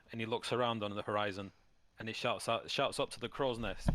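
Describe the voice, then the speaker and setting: A man narrating a tabletop game as game master, often pausing with ums and restarts. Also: lowish voice, steady tone, fairly bright tone, dry recording. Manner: halting, full of ums and restarts.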